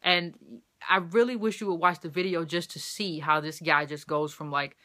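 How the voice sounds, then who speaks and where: A woman's voice: sits low, steady tone, moderate pace, pushed and bright. A woman giving impassioned opinion commentary, repeating phrases for emphasis.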